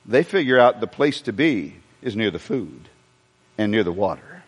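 A pastor with a husky, lowish voice preaches at a normal pace in a church sanctuary. His animated sermon mixes humor with questions and asides to the congregation, heard through long hall reverb.

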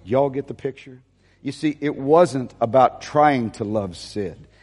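A man's voice: medium pitch, a little slow, darkish tone, in a large hall. A man preaching a sermon as a pastor, telling a personal story, dropping to near-whispers and rising to emphatic peaks.

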